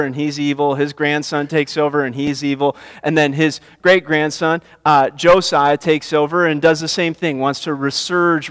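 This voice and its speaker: A man's voice: a little high, fairly bright tone, long reverb tail. A man preaching a sermon as pastor, building to impassioned emphasis and repeating his phrases. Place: church sanctuary.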